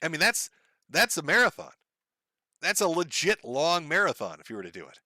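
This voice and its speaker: A man's voice: a little high, sing-song, normal speed, bright, forceful tone, dry recording, clean studio sound. A middle-aged man streaming, chatting casually, reading donations and swearing freely with a wry, joking manner. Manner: profane, wry, laughs at his own jokes. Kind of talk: casual live-stream chat.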